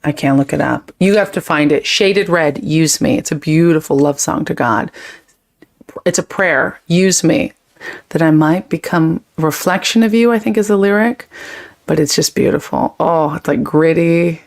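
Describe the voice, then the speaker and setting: A woman's voice: sits low, vocal fry. A woman hosting a live chat stream, talking casually and effusively as she reads viewer comments and thanks them. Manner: quick, chatty, drifts between topics. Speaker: livestream host.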